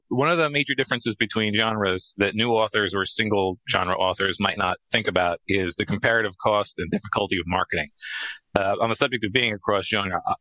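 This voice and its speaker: Man co-host, low bright voice, relaxed questions. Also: no room sound, poor audio. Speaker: podcast co-host. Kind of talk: casual podcast interview.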